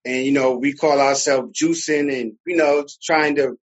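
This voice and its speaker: A man with a New Jersey accent, a podcast guest telling his story in a relaxed, casual way. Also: mid-range voice, normal speed, slightly rough, lo-fi sound. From Newark, New Jersey. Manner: relaxed storyteller, fillers and laughs. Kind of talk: casual conversation.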